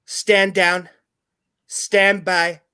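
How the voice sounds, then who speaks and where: A man's voice: high voice, little pitch movement, very slow, pushed and bright, smooth, exaggerated voice. A man doing a pompous ex-president impression. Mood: grandiose. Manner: pompous, grandiose speech-making. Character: blustering, self-pitying ex-president impression. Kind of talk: sketch comedy impression.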